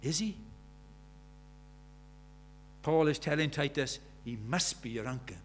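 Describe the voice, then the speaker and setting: Earnest older preacher. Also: male voice, on the high side, measured pace, a little hiss or hum. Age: 70s. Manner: earnest, presses the congregation with rhetorical questions. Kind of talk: sermon. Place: church.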